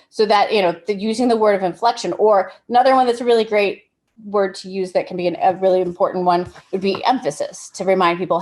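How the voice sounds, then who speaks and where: A woman's voice: mid-range voice, fairly quick. A woman giving a casual workshop talk on directing actors, explaining with everyday examples and often restarting her sentences. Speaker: film directing instructor.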